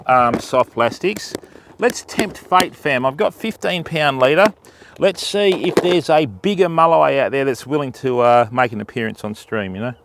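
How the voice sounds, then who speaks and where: An Australian man at a mid pitch talks casually into a phone on a riverbank outdoors. He is matey and easygoing and greets viewers one by one. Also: moderate pace, background noise. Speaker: fishing livestreamer. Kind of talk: casual livestream chat.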